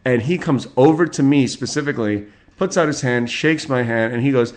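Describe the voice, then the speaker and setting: A man's voice: mid-range voice, a little fast. Profane, rambling man in his forties. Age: 40s. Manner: rambling, profane, chuckling asides. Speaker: podcast host. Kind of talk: solo talk show, reading celebrity birthdays.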